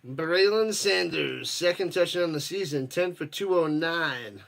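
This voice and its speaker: A man with a high, forceful voice calls the game live for his stream. He chats casually with viewers between plays and erupts into shouts when something big happens. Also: measured pace, vocal fry. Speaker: watch-party streamer and host. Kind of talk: casual live play-by-play commentary.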